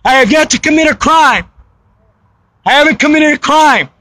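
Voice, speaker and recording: A frightened man on the verge of tears pleads over and over. His voice sits unusually high and comes out strained and tense, and he breaks into shouting at times. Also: normal speed. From United States. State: frightened and crying. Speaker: citizen confronted by police. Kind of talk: pleading confrontation.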